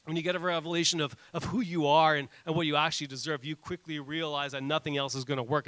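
A man in his thirties delivers a sermon in a fairly high, smooth voice, earnest and animated as he tells stories between his points. The sound is dry and close, with no room echo. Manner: earnest, animated storytelling with restarts. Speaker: pastor.

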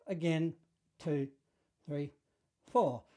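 A man teaching a saxophone lesson, walking through the notes in a relaxed, encouraging way and scatting the phrases. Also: a little high, extremely slow. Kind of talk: online music lesson.

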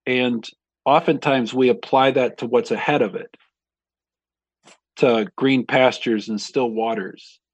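A man, a pastor, talking through a Bible passage in a reflective, measured way with frequent pauses. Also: medium pitch, steady tone, husky, dry recording. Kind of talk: conversational Bible discussion.

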